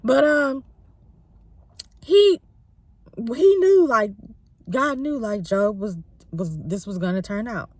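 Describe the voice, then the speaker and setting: Slangy, animated woman host. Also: a little high, slow pace, long pauses, no echo. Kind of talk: casual retelling of a scripture story.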